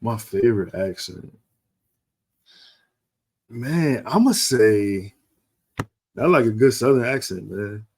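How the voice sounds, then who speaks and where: A man's voice: on the low side, expressive, takes it slowly, long pauses, darkish tone, breathy edge. A man co-hosting a podcast in casual chat, talking with laid-back slang and thinking aloud as he goes. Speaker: podcast co-host.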